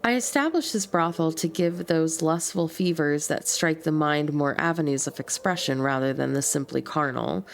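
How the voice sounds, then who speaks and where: A woman with a slight lisp voicing a composed, courteous female succubus brothel keeper, reading game dialogue aloud in calm, polite, formal speech. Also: low voice, moderate pace, hardly any pauses, slight background noise. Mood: poised. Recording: stream with clear music behind.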